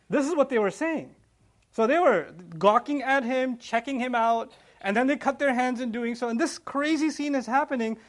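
A man's voice: very high-pitched, animated, moderate pace. A man teaching a scripture lesson, telling the story with animation, acting out scenes and laughing. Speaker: religious teacher.

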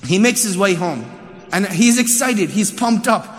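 A man with a very high voice tells a sermon story in an animated, conversational way. His words carry a long hall reverb. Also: a little slow, faint music behind. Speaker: preacher.

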